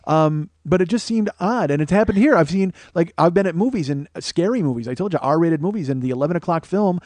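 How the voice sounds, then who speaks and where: Brief: male comic, quick profane storytelling, bright-ish voice, dry mic. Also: a little high, lively intonation, no echo. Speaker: comedian host. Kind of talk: rambling comedic monologue.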